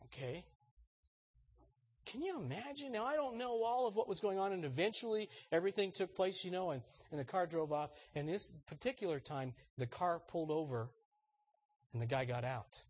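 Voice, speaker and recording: A man's voice: high-pitched, fairly quick, slightly rough, no echo. A man preaching a sermon, telling an anecdote and acting out the voices in it. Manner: animated storyteller, acts out voices in anecdotes. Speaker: pastor. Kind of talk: sermon storytelling.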